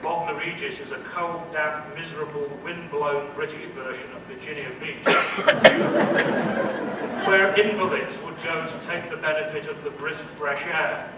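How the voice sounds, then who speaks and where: Dry, witty male professor giving a commencement speech, voice a little high, heard from a distance in a noisy hall. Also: steady tone, a little slow. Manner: dry, witty delivery of jokes and quotes. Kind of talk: humorous commencement address. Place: large indoor hall.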